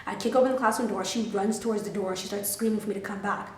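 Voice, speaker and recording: Woman, twenties, storytime vlogger, animated, profane, filler-heavy, mid pitch, roomy distant recording. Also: fast talker, noisy background. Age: 20s. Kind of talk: storytime vlog. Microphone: camera filming herself. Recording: roomy, mic set back.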